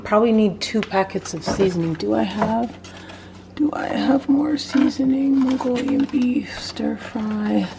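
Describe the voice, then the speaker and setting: A woman's voice: mid-range voice, noisy background. Chatty woman cooking at home. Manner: chatty, joking, talks to viewers while cooking. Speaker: home cook vlogger. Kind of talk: casual cooking vlog. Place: home kitchen.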